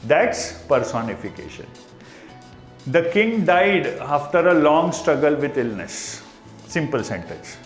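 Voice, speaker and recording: A man with an Indian accent teaching a class, explaining slowly and repeating key terms. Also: fairly high pitch, big pitch swings, roomy sound, soft background music. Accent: Indian English. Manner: explains slowly with repetition, mixing in Hindi asides. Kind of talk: classroom lecture.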